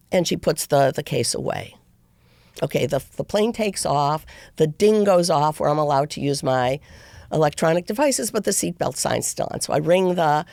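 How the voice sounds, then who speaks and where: A woman's voice: sits low, creaky, a little mellow, no room sound. A middle-aged woman, a podcast guest, telling a long story in a rambling way with many restarts. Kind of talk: casual interview storytelling.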